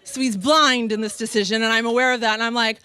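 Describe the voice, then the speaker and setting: A woman's voice: a little high, fast talker, clean tone. A middle-aged woman telling a comic personal story, acting out voices and laughing often. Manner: animated, acts out other people's voices, laughs often.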